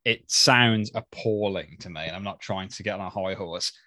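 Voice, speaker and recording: A man's voice: sits low, pushed and bright, dry recording, clean studio sound. A man, co-hosting a casual podcast chat in a chatty way with frequent restarts. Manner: chatty, restarts often, quick laughs. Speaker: podcast co-host.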